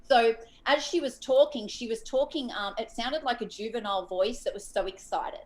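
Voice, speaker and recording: A woman in her thirties calling in to a live talk show, telling a rambling, animated story full of quoted asides. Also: fairly high pitch, normal speed. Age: 30s. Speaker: caller. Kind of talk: casual call-in chat.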